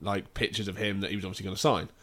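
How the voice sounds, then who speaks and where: A man's voice: low voice, little pitch movement, very fast, a bit bright. A man in casual chat, telling a rambling anecdote with swearing and frequent laughs.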